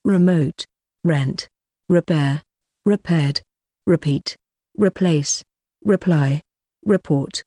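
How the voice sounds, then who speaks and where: A woman reading a vocabulary list aloud, one word at a time, slowly and deliberately. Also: deep voice, mellow, dry recording, clean studio sound. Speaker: vocabulary reader.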